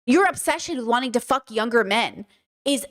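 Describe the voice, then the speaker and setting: A woman's voice: on the high side, expressive, normal speed. A woman hosting a podcast, giving blunt, profane and heated commentary on video clips. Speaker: podcast host reacting to clips. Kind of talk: casual commentary.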